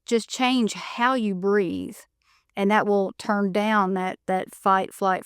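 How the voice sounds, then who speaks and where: A woman hosting a podcast, calmly guiding listeners through breathing exercises with a coaching manner and frequent "you know" and "okay". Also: mid-range voice, no echo, studio quality. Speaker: podcast host. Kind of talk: guided breathing instruction.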